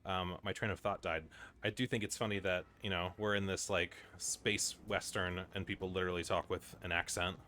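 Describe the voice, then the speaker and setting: A man's voice: low-pitched, flat delivery, moderate pace, sharp tone. A man streaming a video game, chatting casually with lots of fillers and wry asides. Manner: rambling, filler-heavy, wry. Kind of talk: casual gameplay commentary.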